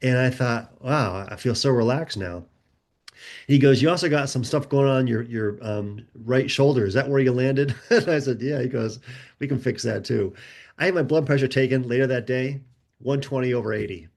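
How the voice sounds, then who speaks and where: Man telling lively stories as a guest. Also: mid-range voice, normal speed, creaky. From United States. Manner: animated, acts out quoted voices. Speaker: guest author. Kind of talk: conversational storytelling.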